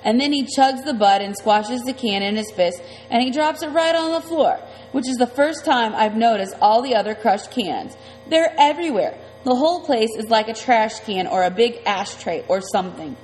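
A woman's voice: fairly high pitch, moderate pace, darkish tone, long reverb tail, soft background music, low-quality recording. A woman reading a first-person story aloud in a plain, conversational way. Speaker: audiobook narrator.

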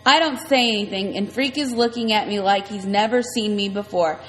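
A woman's voice: mid-range voice, a little fast, a bit bright, big-room sound, soft background music, low-quality recording. A woman reading a first-person story aloud in a plain, conversational way. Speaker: audiobook narrator.

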